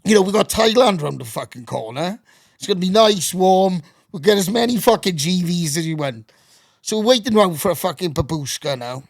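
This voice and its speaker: A middle-aged man, a podcast guest, telling animated anecdotes and swearing constantly in casual storytelling. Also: sits high, fairly quick, vocal fry, no room sound, studio quality.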